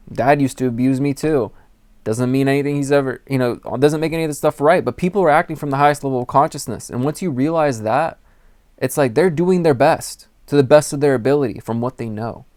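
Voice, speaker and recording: Earnest man with a smooth voice. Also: medium pitch, fairly quick, darkish tone, no room sound, studio quality. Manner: earnest, rambling, with many restarts and acted-out quotes. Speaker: spiritual advice channel host. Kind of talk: candid personal talk to camera.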